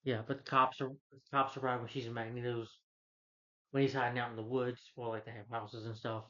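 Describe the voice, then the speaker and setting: Male film reviewer, casual rambling rant, fillers and exasperation, average pitch, muffled lo-fi sound. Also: flat delivery, a little fast, a bit bright. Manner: rambling, full of "you know" fillers, exasperated.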